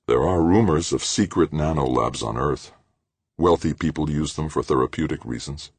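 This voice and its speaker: A man voicing a thoughtful male investigator who explains his reasoning calmly. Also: extremely low pitch, moderate pace, creaky, husky, no room sound, full character voice. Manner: calm and explanatory.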